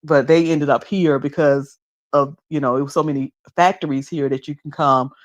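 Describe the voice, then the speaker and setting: A woman's voice: low-pitched, steady tone, normal speed, dull audio. Chatty Southern woman streamer, laughing easily. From the Carolinas. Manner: chatty, laughs often, teasing mimicry. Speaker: live streamer. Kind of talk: casual chat with live chat readers.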